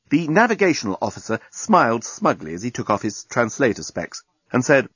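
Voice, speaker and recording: A man narrating a storybook with a lively, expressive reading. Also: mid-range voice, fairly quick, few pauses, breathy edge, no echo. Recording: dull lo-fi recording.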